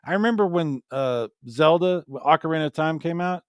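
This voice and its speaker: A man co-hosting a casual podcast chat, telling animated stories and acting out what people said. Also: on the high side, normal speed, no room sound, studio quality. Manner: animated storyteller, acts out quotes. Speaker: co-host.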